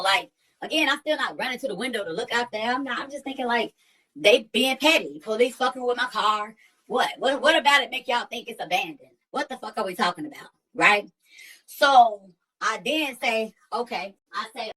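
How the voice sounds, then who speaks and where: A woman's voice: on the high side, expressive, moderate pace, sharp tone, husky, rough recording. A woman who hosts a livestream, telling a story in casual, profane, slang-heavy chat. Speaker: livestream host.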